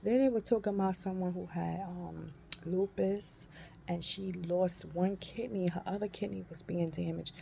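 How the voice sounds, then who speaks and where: A woman in her fifties telling a personal story in a folksy, animated way and calling listeners honey and baby. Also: lowish voice, moderate pace, vocal fry, slight background noise. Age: 50s. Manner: animated, acts out her own cries and shrieks. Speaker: vlogger.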